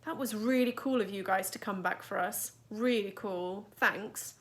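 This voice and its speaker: A woman reading a story aloud, voicing a loyal, excitable schoolboy who talks in casual slang. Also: mid-range voice, a little slow, lightly acted. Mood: relieved.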